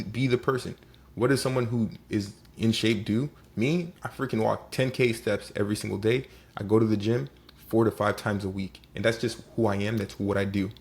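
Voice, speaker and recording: A man giving a casual motivational talk as host, animated and acting out little scenes. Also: fairly low pitch, vocal fry.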